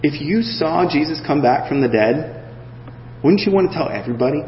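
A man preaching a conversational sermon, animated and full of fillers, acting out the voices of the people in the story. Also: fairly high pitch, moderate pace, slight background noise. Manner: animated, acts out voices of the disciples with many fillers. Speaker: pastor. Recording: echoey hall, slightly dull sound.

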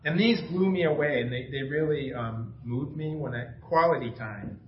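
A man's voice: fairly high pitch, normal speed, a little hiss or hum. A middle-aged man preaching a casual, enthusiastic sermon, telling family stories with laughter. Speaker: pastor. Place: church sanctuary. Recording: echoey dull church recording.

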